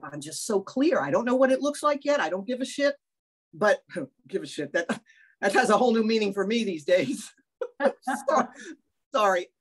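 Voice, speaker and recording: An older woman sharing a personal story on a video call. She talks in a candid, animated, self-mocking way and swears now and then. She speaks at a middle pitch. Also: husky. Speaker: workshop participant.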